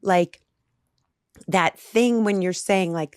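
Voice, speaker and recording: A woman's voice: mid-range voice, a little slow, no echo, clean studio sound. A woman co-hosting a podcast, earnestly explaining what she is learning in a casual conversation. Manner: earnest, explanatory, animated about ideas. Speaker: podcast co-host. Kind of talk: candid conversational interview.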